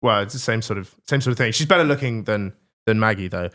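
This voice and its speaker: A man's voice: fairly low pitch, fast talker, sharp tone. A man co-hosting a podcast, bragging and joking crudely in casual banter. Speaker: podcast co-host.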